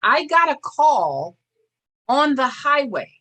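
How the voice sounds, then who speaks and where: An older woman answering interview questions in an earnest, measured way, often restarting her sentences. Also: high voice, sing-song, sharp tone. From Boston area. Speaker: interview guest, former state senator. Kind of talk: reflective interview talk.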